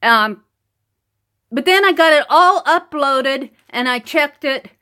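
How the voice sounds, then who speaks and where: A woman's voice: high voice, animated, takes it slowly, pushed and bright. Chatty woman hosting an art livestream. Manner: chatty, laughs often, greets viewers by name. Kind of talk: casual live-stream chat while painting. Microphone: computer mic over wireless connection.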